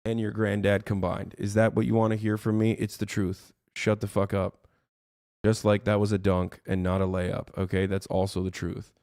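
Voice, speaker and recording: A man's voice: fairly low pitch, flat delivery, normal speed, darkish tone, no echo, studio quality. A man ranting on his livestream, heated and profane, rambling as he talks to his chat from his streaming room.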